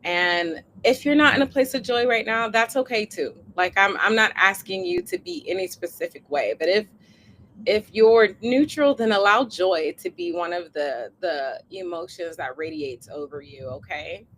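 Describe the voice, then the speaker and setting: A woman coaching a live online group, speaking in a gentle, encouraging way as she leads a relaxing body scan meditation. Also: medium pitch, expressive, a little hiss or hum, rough recording. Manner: gentle, encouraging, slow guiding cadence with soft laughs. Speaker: coach hosting a co-planning session. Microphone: live online session.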